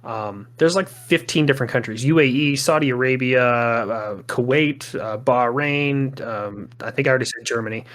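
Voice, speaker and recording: A man's voice: mid-range voice, moderate pace, hardly any pauses, a bit bright. An American man, an army air defense instructor, talking as a guest in a casual interview, blunt and confident, and he swears freely. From United States.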